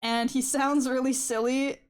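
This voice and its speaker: A woman's voice: sits high, flat delivery, a little slow, clean tone. A young woman streaming while she draws, chatting in a rambling, giggly way and swearing casually. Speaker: art streamer.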